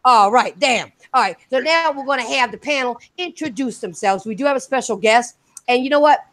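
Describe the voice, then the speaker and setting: A woman with an Irish accent hosting a live gaming podcast, brash and excitable, swearing freely as she talks. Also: high voice, brisk, no room sound. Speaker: podcast host.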